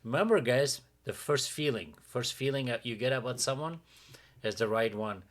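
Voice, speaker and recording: A man co-hosting a podcast, telling a dating story in a casual, animated way and acting out what others said. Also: medium pitch, normal speed. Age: adult with a teen-era dating life, father. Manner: animated, acts out quotes of others. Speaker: podcast co-host.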